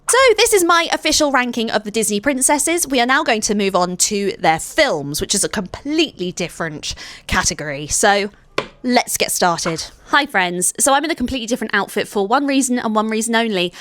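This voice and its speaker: A young adult woman chatting to camera as a vlogger, gushing and often apologising with quick asides. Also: medium pitch, fairly bright tone, no room sound. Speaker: vlogger and party princess performer. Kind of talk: casual chat to camera.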